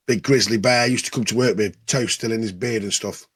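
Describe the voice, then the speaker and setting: A man's voice: fairly low pitch, steady tone, fairly quick, fairly bright tone, husky. A man, a podcast co-host, swearing often and laughing through crude anecdotes in casual chat.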